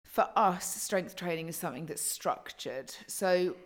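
A woman's voice: fairly low pitch, a little slow. A woman co-hosting a podcast in casual chat, chatty and sweary, with lots of ums and likes. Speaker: podcast co-host.

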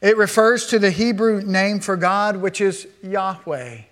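Male pastor, fairly high voice, emphatic sermon delivery moving from hushed to raised. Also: measured pace.

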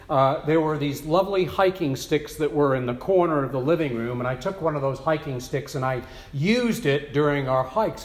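A man's voice: fairly high pitch, reverberant. A man preaching a sermon as pastor, telling stories in a chatty way with many asides. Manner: conversational storytelling with many asides.

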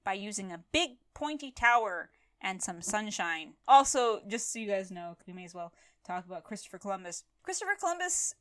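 A woman co-hosting a casual film review chat, blunt and sarcastic with lively asides. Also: mid-range voice, normal speed. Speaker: podcast co-host.

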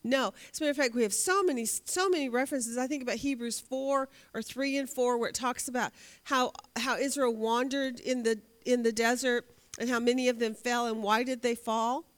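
A woman's voice: on the high side, steady tone, fairly quick, few pauses. Woman teaching a Bible class. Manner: asks the class questions and answers them herself; emphatic, repeats words as she thinks aloud.

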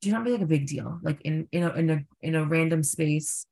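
A young man, a drag performer, telling stories in a casual interview, full of fillers and animated quoted voices. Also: a little high, brisk, gravelly.

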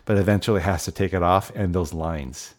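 Brief: man, 40s, very low voice, relaxed podcast host steering a movie talk. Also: a little fast. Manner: steers the talk, hands off questions. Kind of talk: casual film review chat.

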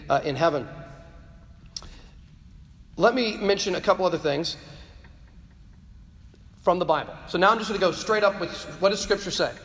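Male speaker, high voice, fervent preaching delivery, stammering repeats for emphasis, long hall echo; addressing students. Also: fairly bright tone. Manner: impassioned, repeats words when stressing a point. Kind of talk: preaching-style talk to a live audience.

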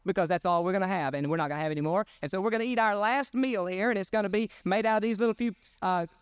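A desperate widow with nothing left, exasperated and pleading, as a man preaching puts her on. The voice sits high and clear. The sound is close and dry. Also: racing, no room sound, lightly acted. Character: poor desperate widow woman gathering sticks.

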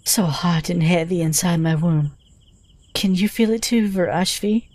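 A man voicing a passionate, devoted young female wolf-like creature in a breathy, pleading, high voice in an audio story. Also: measured pace, darkish tone, no echo.

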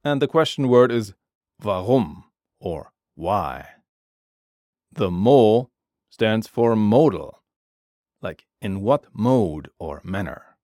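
Slow, lively-voiced male language teacher. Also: lowish voice, dry recording, studio quality. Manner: slow, measured, explains each word with its translation. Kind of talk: scripted grammar lesson narration.

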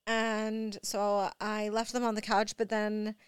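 A young woman and mother telling a rambling, animated story full of fillers, sounding drowsy. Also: medium pitch, slow pace, clear, resonant tone, no room sound, studio quality. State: drowsy from allergy medicine. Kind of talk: casual storytelling vlog.

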